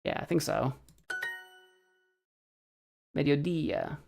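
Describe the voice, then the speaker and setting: Animated American man chatting on stream. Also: a little high, normal speed, soft background music. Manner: chatty, thinks aloud and second-guesses himself. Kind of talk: casual chat while practicing a language app.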